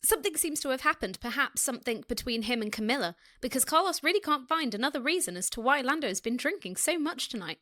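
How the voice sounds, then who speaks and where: A woman's voice: high voice, animated, quick pace, few pauses, fairly bright tone. A British woman co-hosting a podcast, casually reading fan fiction aloud and laughing often. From Britain. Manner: giggly, reads aloud with frequent laughter. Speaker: podcast co-host.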